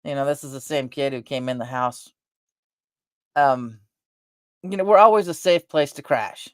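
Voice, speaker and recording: Low-voiced rambling middle-aged woman. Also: normal speed, no echo, clean studio sound. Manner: rambling, animated, talks with her face. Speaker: vlogger. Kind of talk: casual storytelling chat.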